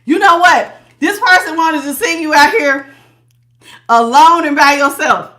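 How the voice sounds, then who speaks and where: A middle-aged woman giving a casual tarot reading to her viewers, animated and laughing, calling them honey and baby. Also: high voice, measured pace. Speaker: tarot reader.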